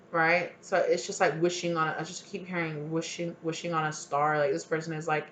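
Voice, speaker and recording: Low-voiced woman giving an emotive tarot reading. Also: flat delivery, fairly quick, few pauses, fairly bright tone, a little hiss or hum. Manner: emotive, voices imagined partner's pleas; rambling, many fillers and restarts. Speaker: tarot reader.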